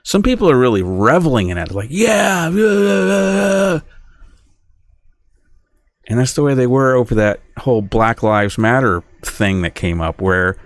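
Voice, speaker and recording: A man's voice: on the low side, animated, fairly quick, few pauses, no echo. A middle-aged man rambling through a solo podcast monologue, often stopping and restarting, sounding aggrieved. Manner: rambling, self-interrupting, aggrieved. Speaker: podcast host.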